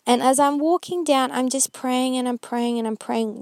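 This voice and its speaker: A woman vlogger with a high-pitched voice shares a casual Christian reflection, speaking earnestly at a moderate pace and rambling a little. She uses many fillers and pauses only rarely, and the recording is dry.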